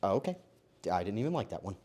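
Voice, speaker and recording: A man live-streaming himself baking, joking to his chat and swinging between quiet mutters and loud outbursts. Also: on the low side, big pitch swings, fast talker. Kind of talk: casual live-stream commentary while baking.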